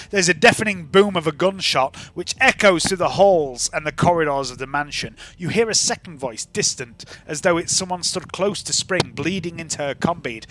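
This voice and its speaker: A man's voice: on the high side, moderate pace, few pauses, a bit bright, no echo, soft background music. A man narrating as game master of a tabletop role-playing game, describing scenes with animation.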